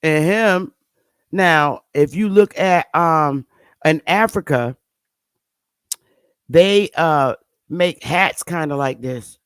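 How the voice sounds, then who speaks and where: A woman's voice: sits low, slow, long pauses, clean tone, no room sound. A woman hosting her channel, giving blunt, sarcastic casual commentary on pictures and scolding her viewers. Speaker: channel host.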